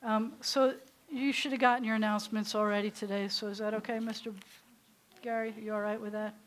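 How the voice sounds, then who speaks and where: A woman with a Southern American accent leading a congregation through a service, giving gentle instructions. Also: medium pitch, little pitch movement, a little fast. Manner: warm instructive directions to a congregation. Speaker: service leader.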